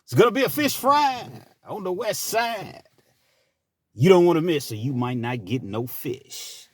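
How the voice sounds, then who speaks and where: A man voicing a smooth late-night male radio DJ, with slow, low, drawn-out patter. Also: very animated, no echo.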